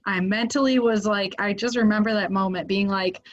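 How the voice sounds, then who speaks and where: A woman guest on a podcast, telling a story casually with lots of "like" fillers and getting animated as it builds. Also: mid-range voice, fairly quick, few pauses, lo-fi sound. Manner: animated, lots of "like" fillers, rises when excited.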